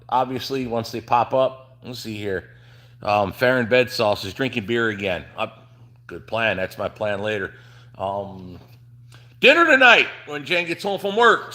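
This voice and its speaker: A man's voice: mid-range voice, sharp tone. A middle-aged man from New Jersey chatting casually on a livestream from his truck shop, rambling with lots of fillers and restarts. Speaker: trucking channel host.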